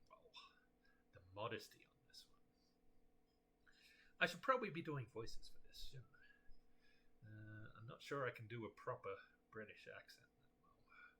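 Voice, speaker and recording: A man streaming a mystery game, reading its text messages aloud in a lively, expressive way. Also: mid-range voice, normal speed, pauses often, slight background noise. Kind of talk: casual let's-play, reading in-game chats aloud.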